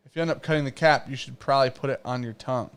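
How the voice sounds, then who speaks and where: A man's voice: medium pitch, racing, noisy background. A man hosting a casual live whiskey-tasting stream, joking, swearing and reading viewer comments aloud. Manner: profane, joking, reads chat comments aloud. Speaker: show host.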